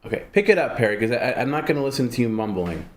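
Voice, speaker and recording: A man's voice: medium pitch, very animated, rapid-fire. A man co-hosting a livestream, pushy and scolding, prodding the host on how to respond. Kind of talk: casual livestream talk.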